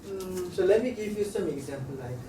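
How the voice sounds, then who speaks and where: A man teaching a language lesson, talking haltingly and repeating sounds to demonstrate them. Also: sits high, expressive. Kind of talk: classroom lecture at a board. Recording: roomy, slightly distant mic with faint room noise.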